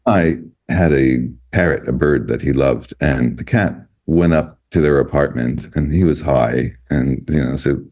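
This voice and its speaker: A man in his sixties from the United States, a guest photojournalist telling animated, laughing anecdotes in casual conversation. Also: very deep voice, a little slow, few pauses. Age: 60s. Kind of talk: casual storytelling.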